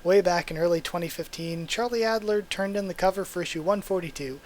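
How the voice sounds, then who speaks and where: Young male reaction host, slightly high voice, reads aloud with eager outbursts. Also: a little fast, a little hiss or hum. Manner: reads aloud, breaks in with excited exclamations. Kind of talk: live reading and reaction.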